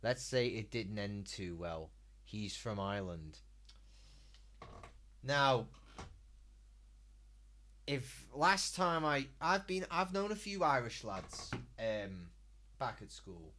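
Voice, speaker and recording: A man's voice: lowish voice, big pitch swings, slow, long pauses, sharp tone, a little hiss or hum. A man streaming a game live, chatting loosely and crudely with his viewers in a rambling way. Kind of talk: casual live-stream chat while gaming.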